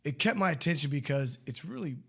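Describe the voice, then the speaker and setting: A man's voice: a little high, animated, fast, creaky, a bit bright, husky. A man hosting a podcast in casual chat, rambling and chatty with frequent laughs and restarts. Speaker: podcast host.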